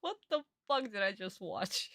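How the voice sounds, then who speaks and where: Blunt, excitable young woman streamer. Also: mid-range voice, unhurried, no echo, studio quality. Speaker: streamer reacting to an anime. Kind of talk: casual reaction stream.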